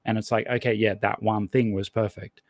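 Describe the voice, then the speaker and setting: A man's voice: lowish voice, little pitch movement, moderate pace, no room sound. A man as a podcast guest in casual conversation, rambling and thinking aloud with lots of restarts. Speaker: podcast guest, language learner.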